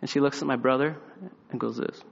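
A young man preaching a sermon, telling a family story with lively acted-out voices and sliding into quiet, earnest reflection. His voice sits at an ordinary pitch, sounds slightly muffled, and rings out in a big reverberant hall. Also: quick pace, creaky, slight background noise.

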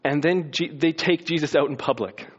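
A man preaching a sermon as a pastor, telling the story with lively acted-out scenes and sound effects. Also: on the high side, moderate pace, slightly rough, dull audio.

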